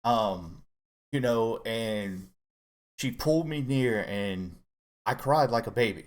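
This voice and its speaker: Earnest middle-aged man, slightly low voice. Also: expressive. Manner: earnest, halting, open about emotion. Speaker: co-host guest dad. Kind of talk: candid personal story in casual chat.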